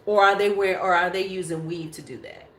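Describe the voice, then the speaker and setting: A woman's voice: fairly low pitch, fairly even intonation, brisk, a bit bright. A woman in her forties hosting a beauty livestream, chatting casually and bluntly with viewers and swearing freely. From United States. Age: 40s. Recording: echoey room.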